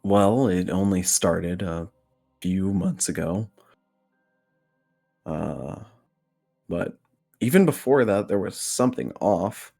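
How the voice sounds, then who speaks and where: A man's voice: sits low, lively intonation, slow, creaky, pauses often, mellow, faint music behind, heavily acted. A man voicing a friendly male tiefling who talks in an easygoing, reassuring way. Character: friendly male tiefling host, smooth and relaxed.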